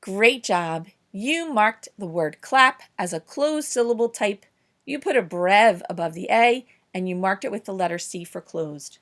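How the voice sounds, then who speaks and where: A woman leads a recorded phonics lesson for young children. She sounds upbeat and encouraging, praising often and slowing down to stress each example word clearly. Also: mid-range voice, animated, fairly bright tone. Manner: upbeat, encouraging, slow clear emphasis on words. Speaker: teacher.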